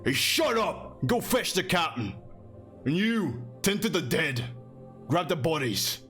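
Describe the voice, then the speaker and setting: A man's voice: on the high side, sing-song, a little slow, a bit bright, faint music behind, pitched above the performer's own voice. A man voicing a nervous male guard who barks orders while pretending to be brave. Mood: bossy. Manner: barking orders.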